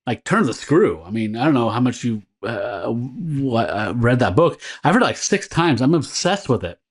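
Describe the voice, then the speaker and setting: A podcast co-host recaps a comic story in casual comic book discussion, rambling and laughing with plenty of fillers. His mid-range voice is sing-song and slightly rough, at a normal speed.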